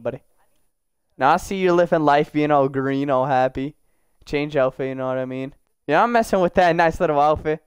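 A young man riffs casually over his gameplay, tossing slang and jokes at the characters on screen. His voice sits high and comes through smooth and clean. The sound is close and dry, with faint music underneath. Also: no echo. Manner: slangy, joking, talks to his game characters. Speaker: gaming YouTuber.

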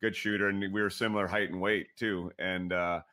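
A man hosting a hockey podcast, asking questions in casual interview style with halting restarts. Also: deep voice, flat delivery, sharp tone, dry recording, clean studio sound. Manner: halting, many restarts and fillers. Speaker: podcast host, former hockey player.

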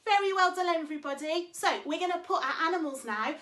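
A woman's voice: very high voice, fast talker, a bit bright. A woman in her thirties, a swimming teacher, leading small children through a playful lesson in a cheerful, sing-song way. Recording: echoey room.

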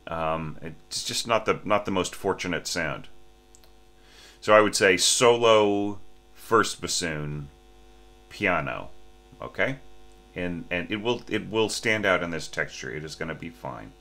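A man with a very low voice and a bright, forceful edge critiques an orchestration score in a halting way full of restarts and "right?" checks. He sometimes sings or breathes out the phrasing, and he sounds a little sleepy. A faint mains hum runs under the recording. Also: expressive. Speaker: orchestration teacher.

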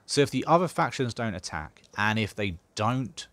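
A man's voice: fairly low pitch, very animated, moderate pace, fairly bright tone, no echo. A man casually talking through a strategy game as he plays, thinking aloud with dry sarcasm. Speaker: gaming channel host. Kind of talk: casual gameplay commentary.

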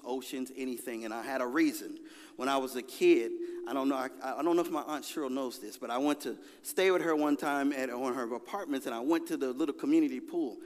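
A man, preaching a lively, conversational sermon with call-and-response and a personal story in a large church. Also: on the high side. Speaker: pastor. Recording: long hall reverb.

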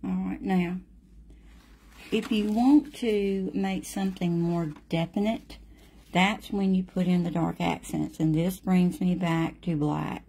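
A middle-aged woman with a drawl talks viewers through a watercolor painting at an unhurried pace. Her voice is low, gravelly and mellow, and she is chatty and friendly with her audience. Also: fairly even intonation. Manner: slow, chatty, speaks to viewers by name.

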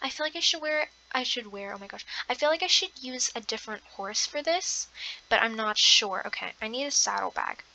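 A young woman commenting on her game play, excitable, gasping often and slipping into soft half-whispered asides. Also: fairly high pitch, a little fast, gravelly, slight background noise, poor audio. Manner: excitable, gasping, lots of exclamations. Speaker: gamer.

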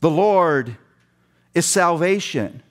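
A man's voice: fairly high pitch, lively intonation, takes it slowly. A middle-aged man preaching a passionate sermon with emphatic repetition, addressing seminary students. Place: seminary chapel.

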